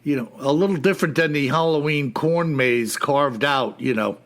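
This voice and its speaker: A man's voice: on the high side, moderate pace, fairly bright tone. Laid-back male podcast co-host. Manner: laid-back, says "man" and "you know" a lot. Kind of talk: casual chat.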